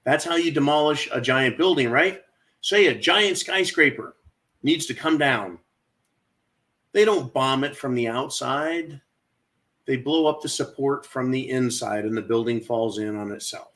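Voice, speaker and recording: A man's voice: mid-range voice, a little slow, fairly bright tone. A man hosting his own channel, delivering a sarcastic political rant and calling out to his audience as folks. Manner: ranting, keeps addressing folks and asking right?; mocking, sarcastic. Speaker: channel host.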